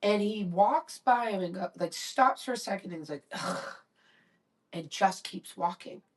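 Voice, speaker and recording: A woman's voice: medium pitch, moderate pace. A woman in her forties, co-hosting a podcast, telling a story bluntly, swearing freely and acting out what people said. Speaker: podcast co-host. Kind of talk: casual storytelling chat. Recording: voice a bit distant from mic.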